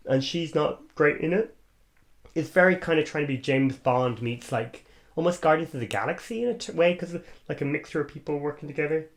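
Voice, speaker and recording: A man co-hosting a podcast in casual chat, gossipy and quick to laugh. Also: a little high. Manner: chatty, gossipy, laughs often. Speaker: podcast co-host.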